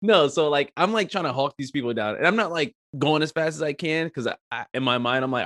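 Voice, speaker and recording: A man telling a story as a podcast co-host, animated and rambling with lots of fillers and swearing. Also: fairly high pitch, quick pace, few pauses, no room sound, clean studio sound. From Eritrea. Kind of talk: casual storytelling chat.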